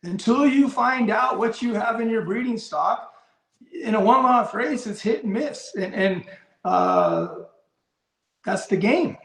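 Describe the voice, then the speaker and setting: High-voiced man in an echoey room. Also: lively intonation, slow, fairly bright tone. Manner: rambling, restarts sentences, blunt and profane. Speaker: pigeon breeder and race handler. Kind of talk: casual live-stream discussion.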